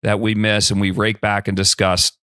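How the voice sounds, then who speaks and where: A man's voice: fairly low pitch, little pitch movement, normal speed, sharp tone, smooth, dry recording, clean studio sound. A man hosting a casual interview, chatty and jokey, asking questions. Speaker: podcast host.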